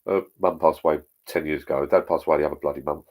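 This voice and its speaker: A man's voice: rumbling low, fairly even intonation, quick pace. A middle-aged man hosting a live stream, chatting bluntly with plenty of swearing and reading out viewer comments. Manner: blunt, sweary, rambling pub talk.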